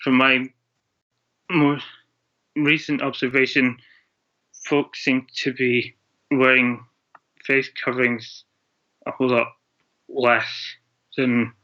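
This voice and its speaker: Brief: Scottish-born male guest on a video call, bright flat delivery, muffled lo-fi audio. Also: mid-range voice. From Scotland. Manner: rambling, hesitant, laughs often. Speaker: podcast guest, drummer. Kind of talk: casual interview chat. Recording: dull lo-fi internet call audio.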